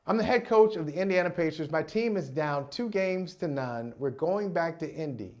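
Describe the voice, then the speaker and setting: A man's voice: on the high side, animated, moderate pace, close to an everyday voice. A man voicing a calculating male basketball head coach who is defiant about the league, in a talk-show segment.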